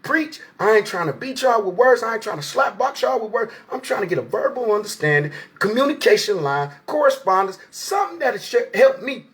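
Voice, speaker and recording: A man in his late forties talks straight to his audience in a loose, streetwise monologue, swearing freely and preaching as he goes. His voice sits high for a man. He rambles and circles back, like a host holding forth on his own show. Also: expressive, fairly quick, few pauses, a bit bright. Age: 40s. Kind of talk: casual monologue.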